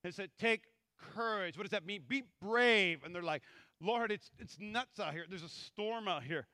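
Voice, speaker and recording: High, bright-voiced preaching pastor. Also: male voice, moderate pace, no room sound, clean studio sound. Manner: animated, acts out scripture voices. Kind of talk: sermon.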